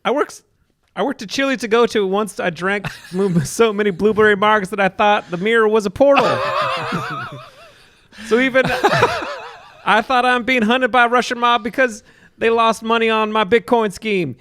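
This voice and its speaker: A man's voice: high-pitched, expressive, a little slow, fairly bright tone, dry recording, studio quality. A man voicing a drunk, scatterbrained young woman influencer in a comedy script read, stumbling over words and laughing through lines. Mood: rambling.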